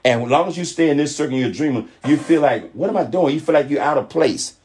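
Husky, fired-up motivational man. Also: fairly high pitch, fast talker. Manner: preachy, animated, mimics others' voices in quotes. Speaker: network marketing leader speaking on a call. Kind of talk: motivational talk.

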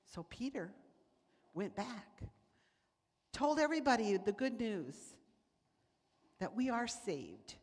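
A woman's voice: a little high, takes it slowly, long pauses. A woman giving a sermon, telling stories and acting out the voices of people in them. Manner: animated, acts out voices in quotes. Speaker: preacher. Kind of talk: sermon with storytelling. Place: church sanctuary. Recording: church hall reverb.

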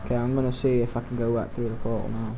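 A man's voice: medium pitch, little pitch movement, racing, muffled recording, a crowd in the background. A young man co-hosting a let's play, laid-back and teasing as he plans ahead. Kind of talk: casual gaming chat.

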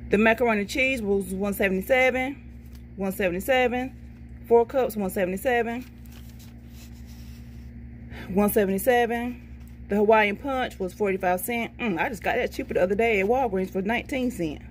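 A woman's voice: medium pitch, normal speed, pauses often, a little hiss or hum. Chatty woman reading out a long receipt. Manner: chatty, folksy, says "okay, baby" to herself. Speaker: vlogger showing a shopping haul. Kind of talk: casual haul video, reading a receipt.

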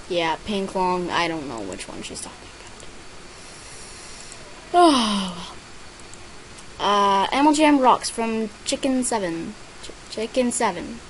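A woman's voice: mid-range voice, slight background noise, low-quality recording. Chatty girl narrating her game play. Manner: reads out other players' chat and names as she plays; bursts into excited squeals over gifts. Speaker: gaming vlogger. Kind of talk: casual gameplay commentary.

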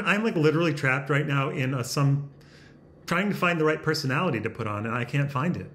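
A man's voice: a little high, lively intonation, brisk, a bit bright. A man vlogging to camera at home, casual and self-conscious, joking and laughing often. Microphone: camera facing him.

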